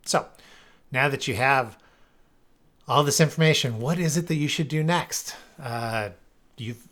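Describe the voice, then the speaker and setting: A man speaking at a middle pitch, talking through a business webinar in a loose, conversational way. He keeps checking in with his listeners as he lays out his ideas. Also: fairly bright tone. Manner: conversational, tags points with rhetorical "right?". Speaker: sales leadership speaker. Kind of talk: webinar presentation.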